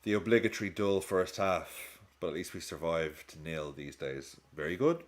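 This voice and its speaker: A man's voice: low-pitched, animated, moderate pace. A man with a casual, rambling manner, chatting and laughing often as he hosts a live football watch-along stream.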